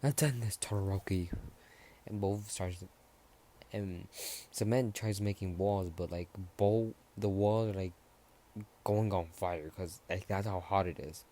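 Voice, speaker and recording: A man's voice: low-pitched, steady tone, takes it slowly, warm tone, slight background noise. A man casually narrating his own fan story, rambling and offhand with frequent fillers.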